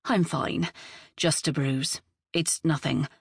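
A woman's voice: sits low, steady tone, slow pace, creaky, slightly rough, dry recording, clean studio sound, exaggerated voice. A woman voicing a resolute young woman who speaks firmly and earnestly.

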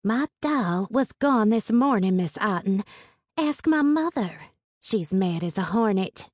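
A woman voicing a spoiled, spiteful schoolgirl who talks in a shrill, accusing way. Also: animated, unhurried, no room sound, studio quality.

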